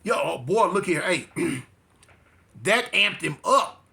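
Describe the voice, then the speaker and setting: A man's voice: high-pitched, lively intonation, slow pace, vocal fry, bright, forceful tone. A man casually telling a story, with streetwise slang, emphatic repeats and frequent restarts. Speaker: interview guest.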